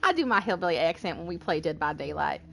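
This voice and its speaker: A woman's voice: on the low side, expressive, fast talker, vocal fry. A woman streamer giving casual, sarcastic, joking commentary while playing a game. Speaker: gaming streamer.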